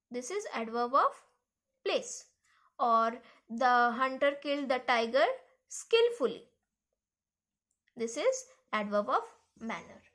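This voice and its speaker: A woman teaching an English grammar lesson with an Indian English accent, repeating key phrases slowly for her students. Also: on the high side, fairly bright tone.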